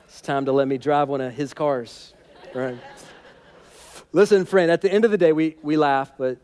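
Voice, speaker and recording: A man's voice: a little high, a little mellow, smooth. A man preaching a sermon in a conversational, humorous and emphatic way. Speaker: pastor.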